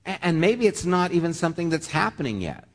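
Very animated and a little fast, a slightly high-voiced male pastor delivers a heartfelt, earnest sermon, often stammering and repeating himself. The church sanctuary adds a long hall reverb.

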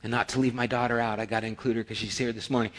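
A middle-aged male pastor preaching a sermon, telling personal stories and acting out the dialogue with rising excitement. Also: mid-range voice, racing, heavy background noise.

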